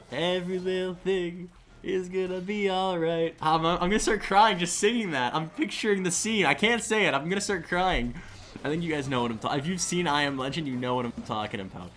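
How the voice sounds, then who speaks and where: A man calls a live esports match on a stream in an excitable, rambling way. His voice sits at an ordinary middle pitch, and a faint hum runs under it. He keeps restarting his sentences mid-thought. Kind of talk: live esports commentary with chat shout-outs.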